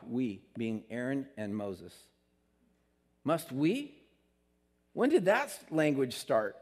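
A man's voice: mid-range voice, very animated, slow, long pauses. Earnest preacher man in a reverberant hall. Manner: earnest, conversational preaching with rising emphatic peaks. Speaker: pastor. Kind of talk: sermon.

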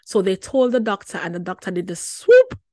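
A woman, hosting a wellness show and telling a personal story in a lively, chatty way with frequent laughter. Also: lowish voice, fast talker, no echo, studio quality. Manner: lively, chatty, laughs often, repeats words for emphasis.

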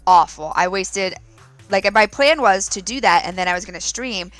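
A woman in her thirties, a podcast co-host, chatting casually and telling stories with lively laughs. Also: mid-range voice, normal speed, dry recording, faint music behind. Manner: animated storytelling with laughs. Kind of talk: casual chat.

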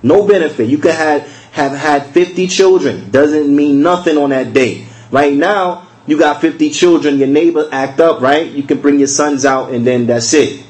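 A man giving a recorded religious lesson in a conversational way. He repeats key phrases, asks rhetorical questions, and slows down to spell out verses. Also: on the high side, darkish tone, poor audio. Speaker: religious teacher.

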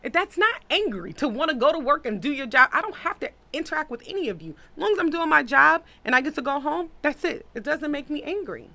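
Bright, lively American woman podcast host. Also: high-pitched, fast, hardly any pauses. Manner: blunt, profane, laughs a lot. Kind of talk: casual chat, reading listener comments.

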